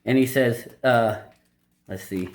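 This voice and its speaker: A man's voice: medium pitch, slow. A man hosting a video, summarizing a dating-advice book in casual, unscripted commentary. He is blunt and opinionated, and he rambles with lots of fillers and restarts.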